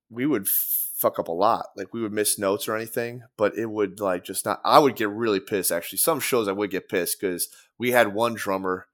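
A man's voice: on the low side, fairly bright tone. Rambling, profane young man. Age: young adult. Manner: rambling, profane, filler-heavy storytelling. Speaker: musician guest. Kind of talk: casual podcast chat.

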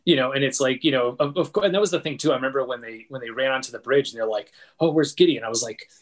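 Man, casual chat, rambling, lots of fillers, mid-pitched. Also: very fast. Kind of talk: casual chat about a TV episode.

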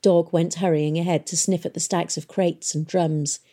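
A woman narrating an audiobook in a steady, expressive storytelling manner. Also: lowish voice, normal speed.

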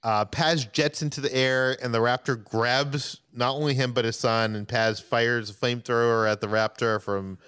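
A man's voice: mid-range voice, steady tone, moderate pace, hardly any pauses, a bit bright, smooth, no echo. A man hosting a casual podcast, recapping plot points and asking his co-hosts questions between laughs. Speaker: podcast host.

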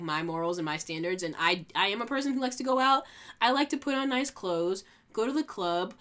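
A young woman hosting a podcast, ranting heatedly and sarcastically, swearing freely. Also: a bit bright. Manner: heated, sarcastic, swears freely, mocks others in high put-on voices. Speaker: podcast host. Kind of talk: casual ranting podcast monologue.

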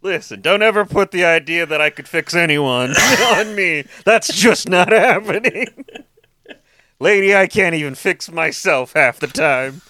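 A man's voice: a little high, animated, normal speed, few pauses, pushed and bright, smooth, no echo, studio quality. A man co-hosting a casual movie podcast, joking, laughing and swearing freely. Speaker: podcast co-host.

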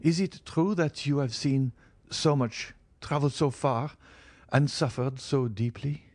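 A sad, tremulous countess full of quiet longing, as a male audiobook reader puts her on, lifting his voice higher to plead. The sound is dry and close. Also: unhurried, dry recording, natural voice. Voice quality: tremulous, plaintive. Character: sorrowful pleading French countess, middle-aged. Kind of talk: audiobook character reading.

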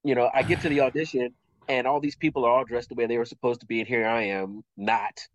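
Speaking fast at medium pitch, a middle-aged actor being interviewed spins a long, casual story, performing the dialogue and saying "I was like" again and again. The recording has no echo but sounds muffled.

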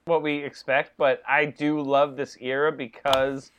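A man's voice: mid-range voice, flat delivery, a little slow, fairly bright tone, clean tone, lo-fi sound. A man co-hosting a podcast, trading jokes and laughing through casual chat about a wrestling rewatch. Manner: joking, laughing banter. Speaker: podcast co-host.

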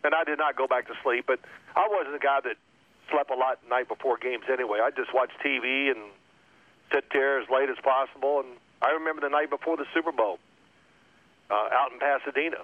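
A man's voice: medium pitch, fairly quick, no room sound. Storytelling man on a tinny phone line. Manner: animated storyteller acting out coaches' shouting. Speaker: guest, former quarterback. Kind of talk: telling stories in a radio interview.

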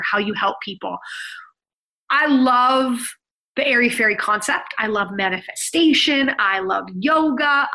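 A woman in her thirties hosting a podcast, talking on her own in an energetic, emphatic, conversational way as a business coach. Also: high-pitched, rough recording. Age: 30s. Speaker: podcast host. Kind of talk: solo podcast monologue.

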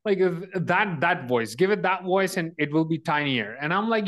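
Guy explaining his trick, bit high voice, keeps restarting. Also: animated, moderate pace, few pauses, fairly bright tone. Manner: thoughtful, restarts often, explaining a technique. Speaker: guest. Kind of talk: casual chat.

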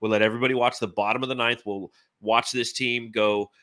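A man's voice: mid-range voice, little pitch movement, a little fast, fairly bright tone, no room sound, clean studio sound. A man in his forties hosting a casual sports podcast, enthusiastic and rambling. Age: 40s. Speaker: podcast host.

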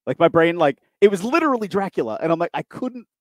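A man with a slightly higher voice tells self-deprecating stories in a casual chat and tosses in quick asides. The sound is dry and close. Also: sing-song, dry recording.

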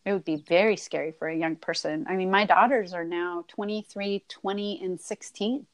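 Gentle middle-aged woman podcast guest. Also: on the low side, fairly even intonation, normal speed. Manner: gentle and affectionate, with soft laughs and sympathetic responses. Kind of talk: casual conversational interview.

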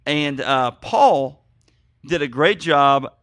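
A male podcast host in casual chat who drifts from story to story and keeps apologizing along the way. His voice sits a bit high with a sharp, bright edge, and it sounds dry and close. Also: slow, dry recording. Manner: rambling, excitable, apologetic storytelling.

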